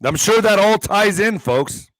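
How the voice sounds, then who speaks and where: A man hosts an online commentary show, reading news headlines aloud and cutting in with profane, sarcastic asides. His voice is high-pitched and a bit bright, with a lively intonation and a slightly slow pace. The recording is dry and of poor quality.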